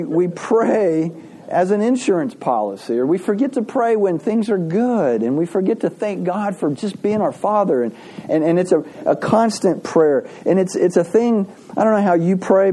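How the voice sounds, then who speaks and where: A pastor giving a conversational sermon, telling folksy stories with frequent restarts and asides. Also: male voice, high-pitched, mellow. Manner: folksy storytelling with laughs and restarts.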